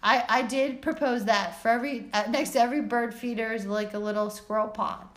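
A woman's voice: fairly high pitch, fairly even intonation, brisk, close to an everyday voice. A woman playing a chatty squirrel podcast host who rambles with lots of fillers and giggles. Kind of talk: improvised comedy podcast.

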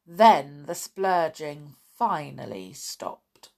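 A woman reading a children's storybook aloud with slow, dramatic, expressive delivery. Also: fairly low pitch. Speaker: narrator.

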